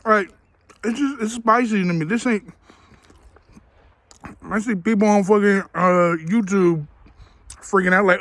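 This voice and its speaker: A man with a somewhat high voice doing an offhand food review for his viewers. He swears constantly and talks bluntly and crudely, often with his mouth full. His delivery is loose, unscripted and grumbling. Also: fairly even intonation, measured pace, pauses often, a bit bright, no room sound. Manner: talks while chewing. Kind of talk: casual food review vlog.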